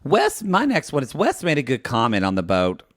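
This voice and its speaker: A man's voice: medium pitch, wildly swooping pitch, moderate pace, dry recording. Chatty man rambling on a dry mic. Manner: chatty, rambling, with frequent likes and restarts. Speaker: podcast co-host. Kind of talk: casual chat.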